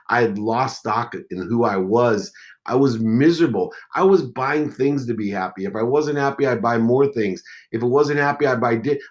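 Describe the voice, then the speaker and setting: A man in his forties telling a personal story as a podcast guest, intense and swinging between quiet and loud. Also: medium pitch. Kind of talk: emotional storytelling.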